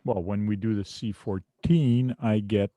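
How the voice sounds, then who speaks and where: Mellow-voiced French-Canadian man chatting. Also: on the low side, fairly even intonation, a little slow, dry recording. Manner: rambling, chatty storyteller with restarts. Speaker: host. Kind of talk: casual chat.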